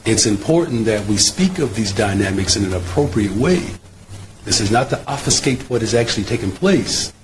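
A man answering questions at a press conference, measured and insistent, breaking in to keep the floor. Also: fairly low pitch, lively intonation, slight background noise, low-quality recording. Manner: measured, cuts in to hold the floor.

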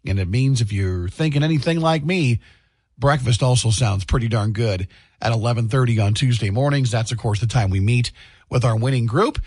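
Chatty husky-voiced morning radio man. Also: medium pitch, moderate pace, a little mellow, no room sound, clean studio sound. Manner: chatty, upbeat, tells home stories. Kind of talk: morning radio chat and announcements. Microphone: studio microphone, dry booth.

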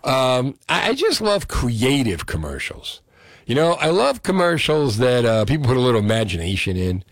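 A man's voice: medium pitch, normal speed, no room sound, studio quality. A man hosting a call-in radio show, chatting and joking with listeners. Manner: lively, animated, joking with callers. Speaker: radio host.

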